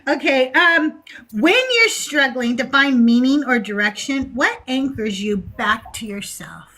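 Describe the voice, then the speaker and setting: A woman's voice: sits high, measured pace. A middle-aged woman hosting a casual podcast, asking questions and telling stories animatedly with acted-out quotes. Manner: animated, acts out quoted voices. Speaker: podcast host. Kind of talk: casual conversation.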